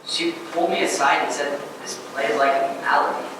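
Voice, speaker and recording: A man playing a panicked, halting teen. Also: fairly high pitch, fairly even intonation, lightly acted. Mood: frightened. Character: panicked teenager fleeing through the woods. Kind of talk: live stage acting. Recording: echoey hall from far off, noisy.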